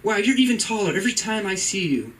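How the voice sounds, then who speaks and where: A woman's voice: mid-range voice, big pitch swings, fast talker, pitched above the performer's own voice, close to an everyday voice. A man putting on the voice of a doting mother gushing over her grown son. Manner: gushing, sing-song. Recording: distant mic in noisy room.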